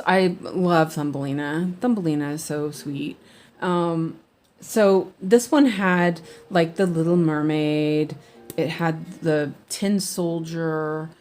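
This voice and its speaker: A woman's voice: low-pitched, a little mellow. A woman chatting casually while she cross-stitches at home, rambling with lots of fillers and restarts. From United States.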